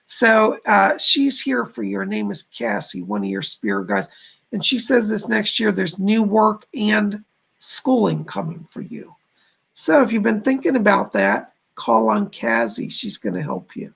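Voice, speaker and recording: Gravelly, husky man doing live psychic readings. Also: sits high, sing-song, measured pace, a bit bright. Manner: chatty, relays messages with frequent "she said". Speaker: psychic medium. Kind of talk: live-streamed readings for viewers.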